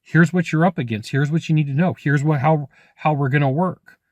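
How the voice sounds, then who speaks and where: A man's voice: on the high side, brisk, a little mellow, no room sound. A man who works as a sales trainer, giving blunt, conversational coaching advice straight to the viewer. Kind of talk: direct-to-camera coaching talk.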